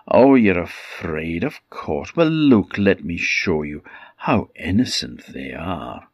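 A man voicing a wicked queen disguised as a sweet farmer's wife, talking in a high wheedling falsetto. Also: sing-song, slow pace, slightly rough, no room sound, studio quality, heavily acted. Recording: dull lo-fi recording.

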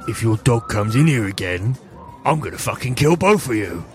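A man's voice: medium pitch, lively intonation, normal speed, faint music behind, close to an everyday voice. A man voicing a big, rude male orc who talks bluntly and crudely in a tabletop game. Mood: threatening.

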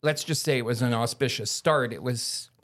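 A man's voice: mid-range voice, moderate pace, a bit bright. Blunt, profane man telling his story. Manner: blunt, profane storyteller who acts out the people he quotes. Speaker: podcast guest. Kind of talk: storytelling in a casual podcast chat.

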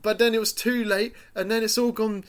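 A man's voice: sits high, little pitch movement, a little fast, clear, resonant tone. A man in casual chat, rambling enthusiastically about a film and acting out quotes.

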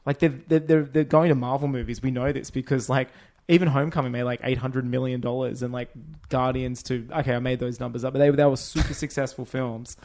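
A man with a mid-range voice, chatting casually about films. He rants with animated, sweary energy and keeps circling back to his points. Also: mid-range voice, a little fast. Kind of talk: casual film review chat.

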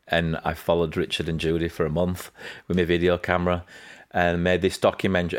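A man with a Yorkshire accent, a guest in a casual interview, telling animated anecdotes and acting out what people said. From England. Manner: animated anecdotes, acting out quotes with raised pitch.

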